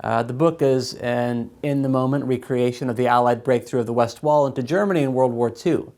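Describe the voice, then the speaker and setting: A man's voice: medium pitch, fairly quick, a little mellow. Playful male show host. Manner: playful, mock-fairy-tale delivery. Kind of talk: playful scripted storybook-style show hosting.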